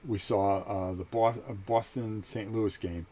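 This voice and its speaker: A man's voice: on the low side, measured pace, a little hiss or hum. A middle-aged man hosting his channel, telling a story in a casual monologue and acting out the conversations he recalls. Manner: animated, acts out quoted conversations. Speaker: channel host.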